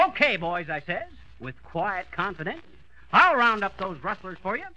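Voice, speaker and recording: A man's voice: high-pitched, big pitch swings, normal speed, a crowd in the background, low-quality recording. A man playing a boastful small-town braggart in a 1940s radio comedy, folksy and blustering. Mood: bragging. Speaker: comedy lead.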